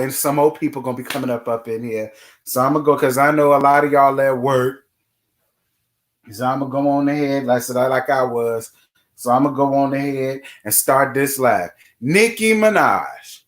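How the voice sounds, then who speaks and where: A medium-pitched man hosts a laid-back live stream, greeting chat viewers by name and firing off blunt, sassy commentary laced with swearing.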